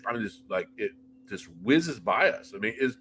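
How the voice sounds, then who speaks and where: A middle-aged man with a low, bright, forceful voice tells ghost-hunting stories in an animated, anecdotal way, restarting sentences as he goes. He talks freely and casually. A faint hiss sits under his voice. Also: normal speed. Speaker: paranormal investigator guest. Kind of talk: casual interview chat.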